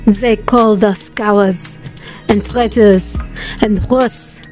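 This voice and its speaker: A woman's voice: medium pitch, fairly even intonation, slow, a little mellow, faint music behind, natural voice. A woman putting on a bitter French soldier. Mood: bitter solemn. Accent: put-on French. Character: male French soldier writing a grim diary. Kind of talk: reading game notes aloud.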